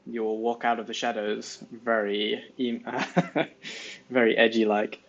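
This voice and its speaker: A man narrating a tabletop fantasy game as game master, describing scenes in a measured way with pauses. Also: on the low side, level tone, creaky, lo-fi sound.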